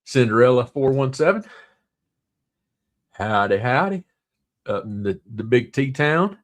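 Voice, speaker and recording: A man's voice: mid-range voice, animated, measured pace. A man with a Southern drawl hosting a casual livestream, rambling along and reading viewer comments aloud. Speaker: livestream host.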